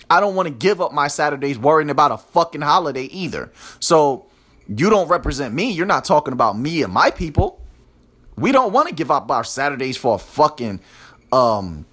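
A man's voice: a little high, fairly bright tone. A man hosting a podcast alone, ranting with constant swearing and mocking sarcasm, talking straight to his listeners. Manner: talks to his listeners directly. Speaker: podcast host. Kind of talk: profane solo rant.

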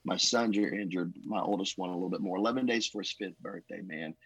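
A man who is a pastor telling his life story in an emotional, earnest way, with a husky voice. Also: sits low, fast talker, a bit bright, dry recording, muffled recording. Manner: emotional, earnest, says "man" and "bro" often. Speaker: pastor, podcast guest. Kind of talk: testimony storytelling.

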